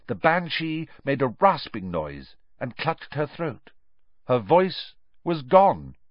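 Dude reading a story out loud, super expressive, dry close sound. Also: male voice, mid-range voice, takes it slowly, no echo, dull audio. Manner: animated, dramatic reading. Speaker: audiobook narrator.

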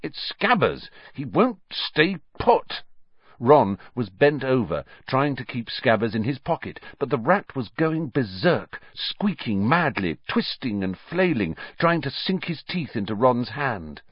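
Man, audiobook narrator, expressive storytelling, lively pitch, dry muffled sound. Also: unhurried, few pauses, slightly rough, no room sound. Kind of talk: scripted narration.

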